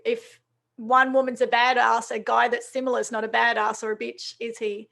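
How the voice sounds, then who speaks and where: A woman's voice: fairly high pitch, little pitch movement, normal speed, creaky, a bit bright, no echo. A woman hosting a casual interview, agreeable and encouraging. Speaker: host.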